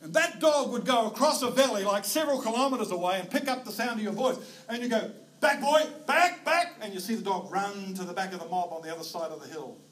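A high-voiced man with a New Zealand accent preaching a sermon from a stage. He tells stories with animated energy and sometimes shouts out herding calls. The sound is roomy and distant, with a faint hiss behind it. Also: quick pace, hardly any pauses. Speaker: pastor. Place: church auditorium. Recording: roomy, distant hall mic with faint noise.

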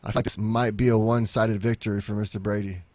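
A man co-hosting a casual sports podcast, running through upcoming fights quickly and swearing now and then with an easy laugh. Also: on the low side, flat delivery, darkish tone, no echo. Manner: brisk fight rundown, swears, laughs easily. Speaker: podcast co-host previewing fights.

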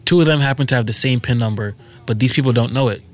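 A man's voice: mid-range voice, fast, faint music behind. Teasing young man spinning hypotheticals. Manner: incredulous, teasing, spins hypotheticals. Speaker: podcast co-host. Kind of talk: casual chat.

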